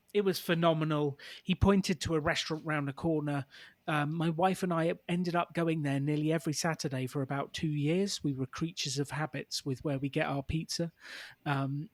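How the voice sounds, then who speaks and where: A man hosts a casual podcast chat, his voice a touch higher than most men's. He tells stories with an easy laugh, recorded close and dry with no room sound. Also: no room sound. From England. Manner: chatty, laughs easily while telling anecdotes. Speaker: podcast host.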